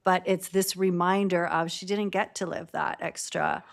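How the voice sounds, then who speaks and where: Low gravelly woman host in her fifties. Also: little pitch movement, moderate pace. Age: 50s. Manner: soft, reflective, with frequent affirming murmurs. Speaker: podcast host. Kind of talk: casual interview chat.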